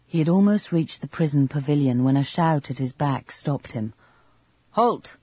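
A man reading a novel aloud as an audiobook narrator, in a measured, even storytelling manner. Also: fairly high pitch, breathy edge, no echo, muffled recording. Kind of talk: scripted narration.

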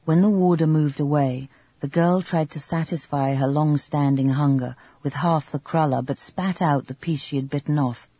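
A man reading a novel aloud in measured, even scripted narration. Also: a little high, slightly rough, no room sound. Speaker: audiobook narrator. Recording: dull lo-fi recording.

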